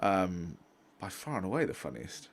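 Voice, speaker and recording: A man co-hosts a casual podcast, speaking hesitantly and agreeably while he gathers his thoughts. His voice is very deep, with a gravelly fry running through it. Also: sing-song, moderate pace. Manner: agreeable, hesitant, many fillers and restarts. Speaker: podcast co-host. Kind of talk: casual chat.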